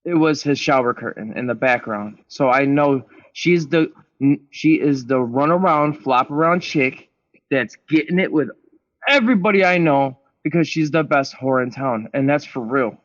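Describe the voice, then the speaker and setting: A man's voice: medium pitch, moderate pace, dry recording, dull audio. A man guest on a podcast, telling his story in a blunt, emphatic way with plenty of swearing. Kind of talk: candid storytelling interview.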